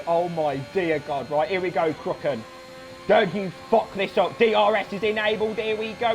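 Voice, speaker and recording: A young man giving live sim-racing commentary, excitable, swearing and shouting encouragement at the drivers. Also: high-pitched, moderate pace, soft background music. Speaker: race commentator.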